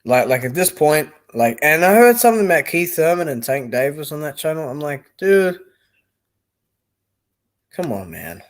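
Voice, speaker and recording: A man's voice: a little high, very animated, fairly quick, few pauses. A young man giving casual, rambling live-stream commentary on boxing, blunt and swearing freely.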